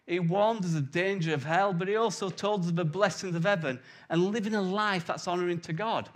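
A man's voice: high-pitched, a bit bright. A man in his forties preaching a conversational sermon with jokes and anecdotes. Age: 40s.

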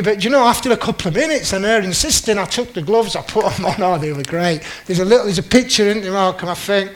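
A man's voice: high voice, fast talker, few pauses, low-quality recording. A man telling a personal story in a talk, chatty and self-mocking, acting out what others said. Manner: chatty, self-mocking, acts out quoted lines. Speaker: speaker giving a talk with slides.

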